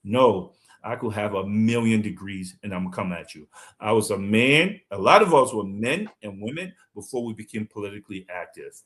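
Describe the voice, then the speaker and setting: A man's voice: fairly low pitch, lively intonation, normal speed, a bit bright. A man from Liberia giving fiery, combative political commentary on a live stream, speaking emphatically.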